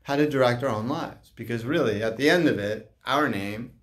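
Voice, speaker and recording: A man who works as a life coach, talking casually and haltingly to camera and acting out bits of dialogue. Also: mid-range voice. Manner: slow, halting, acts out dialogue in animated voices.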